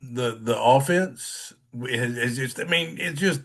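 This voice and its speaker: A man's voice: mid-range voice, slow pace, fairly bright tone. A man from South Texas, co-hosting a casual sports podcast and telling rambling stories in which he acts out the people he quotes. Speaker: podcast co-host.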